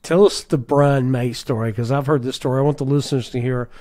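A man hosting a podcast, nudging his guest along with short questions and quick reactions. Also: medium pitch, steady tone, mellow. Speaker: podcast host. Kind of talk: casual interview chat.

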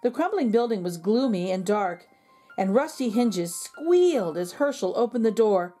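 Expressive woman reading a kids' book. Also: mid-range voice, faint music behind. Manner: slow, expressive storytelling. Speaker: children's book reader. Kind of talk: reading a picture book aloud.

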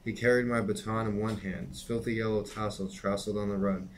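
A middle-aged man with a fairly low voice reads a novel aloud at an unhurried, steady pace. His delivery is plain and even, like a teacher reading to a class, with faint background noise. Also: rough recording. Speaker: reader and teacher.

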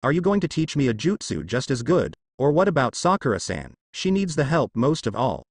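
A man reading the lines of a brash, loud teenage ninja boy in a fan fiction, with a lively, dry delivery. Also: mid-range voice, fairly quick, breathy edge, no echo. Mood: defiant. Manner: shouting, defiant.

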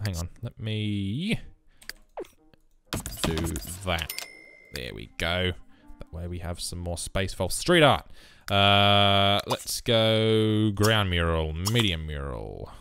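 A young man giving casual let's play commentary, muttering through menu choices with sudden loud bursts of excitement. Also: deep voice. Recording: noisy background with game rain.

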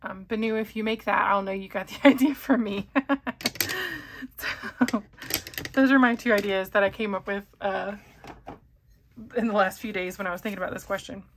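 Woman host, casual chatty delivery, mid-pitched, rambles with ums and quick self-corrections. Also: steady tone, a little hiss or hum. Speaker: fountain pen channel host.

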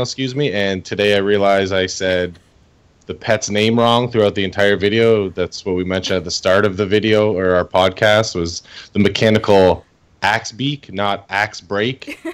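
A man's voice: fairly low pitch, fairly even intonation, normal speed, clear, resonant tone. A man co-hosting a gaming podcast, telling about his week with self-mocking chuckles. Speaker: podcast co-host. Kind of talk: casual chat.

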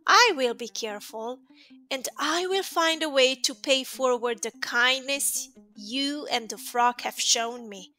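A woman's voice: sits high, measured pace, sharp tone, faint music behind. Woman voicing a small, brave, earnest mouse. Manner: earnest, polite.

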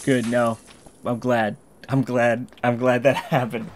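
Goofy, slow-talking young gamer man. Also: medium pitch, flat delivery, slight background noise. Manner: goofy, rambling, crude jokes. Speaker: gaming channel host. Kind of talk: improvised commentary while playing.

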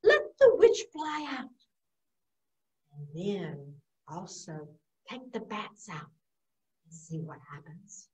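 A woman doing a low, hushed wise old owl. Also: wildly swooping pitch, slow, pauses often, full character voice. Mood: pondering. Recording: distant, dull lo-fi sound.

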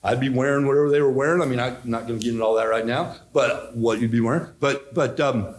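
Folksy, animated male pastor. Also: mid-range voice, brisk. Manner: folksy and animated, acts out quotes. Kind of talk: Bible study teaching.

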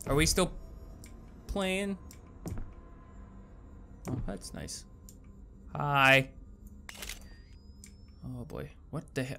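A man giving horror game commentary, jumpy and nervous, muttering to himself with sudden loud yelps. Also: mid-range voice, big pitch swings, very slow, gravelly, long pauses, slight background noise. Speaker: gaming YouTuber.

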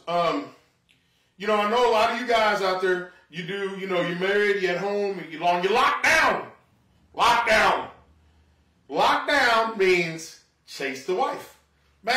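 A man's voice: high-pitched, fairly bright tone, echoey room, distant mic. A man doing a rambling, self-mocking comedy monologue at home in his living room. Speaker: stand-up comedian.

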